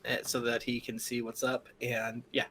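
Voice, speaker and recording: A woman playing a tabletop game, chatting playfully with quick asides. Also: extremely low pitch, level tone, a bit bright, slightly rough. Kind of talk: casual chat at a game table.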